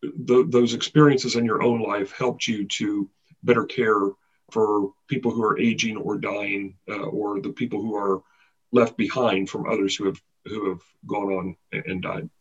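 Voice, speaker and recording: Husky-voiced male interview host. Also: on the low side, level tone, moderate pace. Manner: meandering, searching questions with fillers. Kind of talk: interview questions. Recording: dull lo-fi sound.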